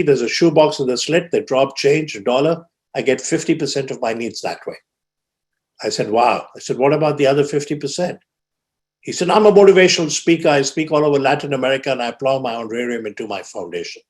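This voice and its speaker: A man speaking at a conference, telling a moving story with dramatic swings in pitch and loudness. He slows down for emphasis and lifts his voice when he quotes others. He has an ordinary mid-range voice. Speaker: symposium speaker. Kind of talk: storytelling keynote speech. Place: conference hall.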